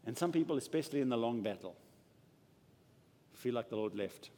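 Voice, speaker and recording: A man preaching a sermon and praying aloud, moving from loud declarations to hushed, intimate lines. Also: medium pitch, lively intonation, a little fast. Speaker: pastor. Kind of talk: sermon with prayer. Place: church. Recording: church hall with long reverb.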